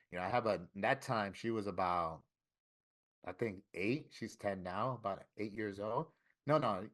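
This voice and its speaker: Profane, candid middle-aged man telling his story. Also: lowish voice. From Florida, USA. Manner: candid, profane, animated in quoted dialogue. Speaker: interview guest, tattoo artist. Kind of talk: emotional storytelling interview.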